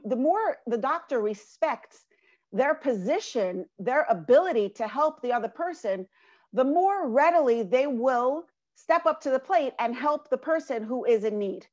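A woman giving a motivational talk, telling stories in an animated way and asking rhetorical questions. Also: sits high. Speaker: inspirational speaker. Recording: dull lo-fi recording.

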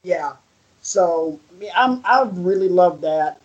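A man co-hosting a podcast, excitable and animated, swearing casually in relaxed chat. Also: high-pitched, takes it slowly, breathy edge, lo-fi sound. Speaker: podcast co-host.

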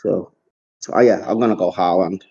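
A man's voice: low voice, steady tone, fairly quick, dark tone, slightly rough. A man co-hosting a podcast, chatting casually, rambling and swearing freely. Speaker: podcast co-host. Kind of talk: casual chat. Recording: dull lo-fi audio.

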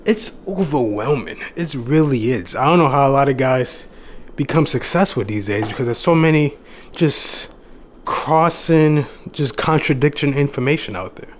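A man's voice: mid-range voice, moderate pace, slight background noise. A young man giving a casual, earnest motivational talk to his viewers, swearing freely and calling the listener bro, at times getting emotional. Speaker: dating and self-improvement YouTuber. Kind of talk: motivational monologue to camera.

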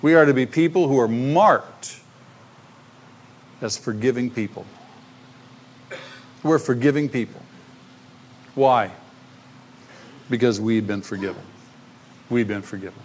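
Male pastor preaching with lively emphasis; faint background noise. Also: mid-range voice, measured pace, pauses often. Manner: animated preaching, acting out the parable's voices. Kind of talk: sermon.

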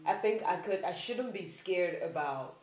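Woman, lower voice, hesitant, laughs a lot, casual chat, echoey room. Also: expressive, measured pace, a little mellow. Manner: laughs often, talks in hesitant restarts.

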